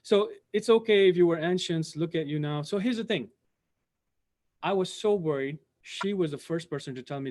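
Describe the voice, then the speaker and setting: A man's voice: on the high side, normal speed, a little mellow. A man hosting a live stream, telling a personal story in a rambling way with many restarts and asides to viewers. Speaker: channel host telling his career story. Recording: dull lo-fi sound.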